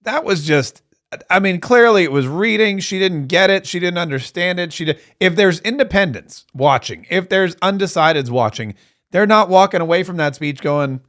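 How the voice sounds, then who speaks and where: A man hosting a live political reaction stream, talking in a sarcastic, mocking and excitable way. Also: fairly high pitch, moderate pace. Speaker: political commentator host.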